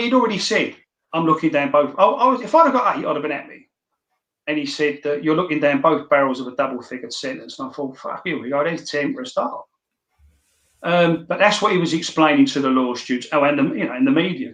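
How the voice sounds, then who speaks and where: A man's voice: mid-range voice, a bit bright. Blunt swearing man telling stories, roomy echo. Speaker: podcast guest. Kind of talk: casual storytelling.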